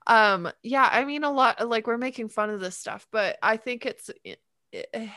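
A woman's voice: on the high side, moderate pace, bright, forceful tone, no echo. A woman co-hosting a casual podcast chat as a breakup coach, talking loosely with frequent restarts and dry quips.

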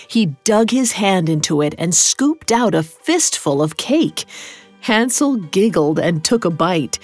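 A woman host reading a scripted story in a measured, dramatic way. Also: medium pitch, a little mellow, no room sound. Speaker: podcast host and narrator.

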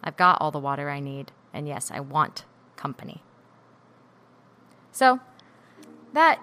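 A woman's voice: deep voice, very animated, a little slow, long pauses, over music. A woman hosting a solo podcast episode, talking candidly and introspectively as she works through her feelings aloud. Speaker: podcast host.

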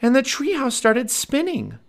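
A man voicing an excitable, bold young girl in a children's storybook reading, with a high squealing voice. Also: measured pace, vocal fry, full character voice. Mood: breathless.

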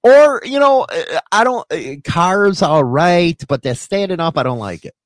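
A man co-hosting a casual podcast, talking crude and profane with a constant joking edge. His pitch sits a bit high and swings widely as he rants. The mic sound is dry and close. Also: lively intonation, measured pace, no echo. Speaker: podcast co-host. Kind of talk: casual chat.

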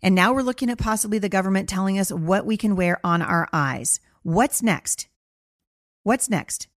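A woman's voice: mid-range voice, fast, dry recording. A woman hosting her own show, answering a listener in an impassioned monologue, earnest and emphatic, repeating phrases for stress, close to tears. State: near tears. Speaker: podcast host responding to a listener.

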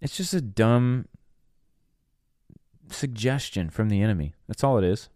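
A man's voice: fairly low pitch, lively intonation, unhurried, dark tone, no room sound, studio quality. A man hosting a solo podcast, teaching in an earnest preaching manner and stressing key words one at a time. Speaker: podcast host and minister.

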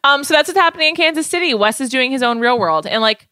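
A woman co-hosting a podcast in casual chat, talking in an animated way and saying "like" often. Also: high voice, quick pace, smooth, no room sound. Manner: chatty, animated, says "like" often. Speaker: podcast co-host.

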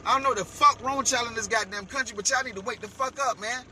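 A man delivering a heated, profane rant as a vlogger, shouting at times. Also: very high voice, fast, slight background noise. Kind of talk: heated ranting commentary.

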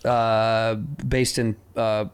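A man's voice: on the low side, flat delivery, extremely slow, clean tone. A man in his forties, a comedian guest, chatting in a laid-back, profane way and saying "dude" often. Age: 40s. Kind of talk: casual chat.

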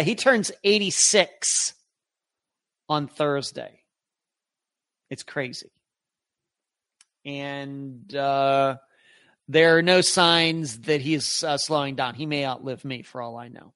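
A man's voice: a little high, sharp tone, clear, resonant tone, dry recording, studio quality. A middle-aged man hosting a live podcast, reading viewer comments aloud in a rambling, chatty way with many restarts. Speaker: podcast host.

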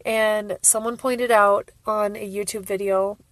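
Slow-talking emotional woman fan vlogger. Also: mid-range voice, level tone, fairly bright tone, dry recording. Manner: emotional, laughing and tearful, gushing. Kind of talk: casual fan vlog reaction.

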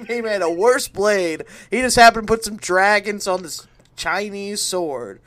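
A man co-hosting a podcast, ranting and swearing in excitable casual chat. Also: sits high, a little slow. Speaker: podcast co-host.

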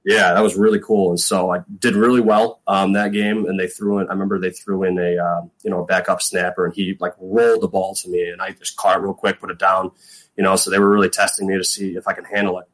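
A man's voice: sits low, flat delivery, fast, a bit bright, rough recording. A middle-aged man, a former pro football punter, telling stories in a casual interview, rambling with lots of fillers and acting out quotes.

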